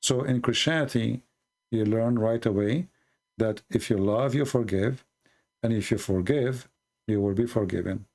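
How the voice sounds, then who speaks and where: A man explaining his faith to a caller in a slow, deliberate, preaching manner. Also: fairly low pitch, a little mellow. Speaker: Christian apologist answering a caller. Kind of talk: earnest religious explanation.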